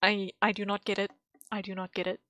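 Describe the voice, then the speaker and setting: A woman's voice: mid-range voice, flat delivery, brisk, fairly bright tone, no echo. Chatty woman streamer, dry close sound. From English-speaking. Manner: rambling, thinking aloud with many fillers and laughs. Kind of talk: casual chat while drawing on stream.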